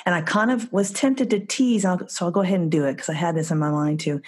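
A woman hosting a podcast interview while nursing a cold. Her voice is husky and a little breathy. She reads her intro and questions in an earnest, scripted manner. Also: lowish voice, quick pace, darkish tone. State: has a cold. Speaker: podcast host.

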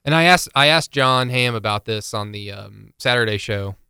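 A man's voice: mid-range voice, lively intonation, normal speed, bright, forceful tone, clean tone, no echo, clean studio sound. A man co-hosting a podcast in casual sports chat, rambling with many fillers and restarts. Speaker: podcast co-host.

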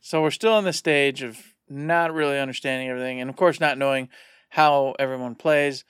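A man co-hosting a casual gaming podcast, talking in an animated way and acting out imagined dialogue. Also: mid-range voice, brisk, smooth, no room sound, studio quality. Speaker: podcast co-host. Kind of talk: casual chat about games.

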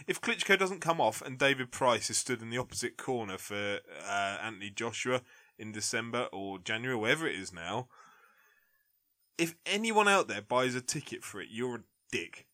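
A man in a casual podcast debate, a blunt, animated boxing pundit who says "like" often. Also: medium pitch, moderate pace. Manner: blunt, animated ranting with frequent "like".

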